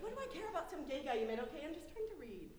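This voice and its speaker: A prim, flustered young man, played by a performer who brushes things off with nervous little laughs and insistent denials. The voice sits very high and swoops around, and it is heard from a distance in an echoey space over loud music. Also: sing-song, very fast, very noisy. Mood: defensive. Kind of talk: stage musical comedy acting.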